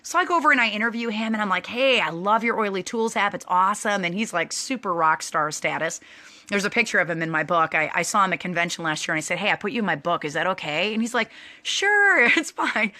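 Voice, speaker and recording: Bubbly bright-voiced woman telling a story. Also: mid-range voice, fast talker. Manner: bubbly, rambling, laughs often. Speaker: host. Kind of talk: casual storytelling to an online class.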